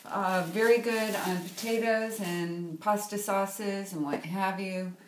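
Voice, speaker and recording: A woman's voice: medium pitch, fairly even intonation, takes it slowly, reverberant, a little hiss or hum. A woman, a cookbook author chatting playfully through a casual cooking vlog and tossing in French words. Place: home kitchen.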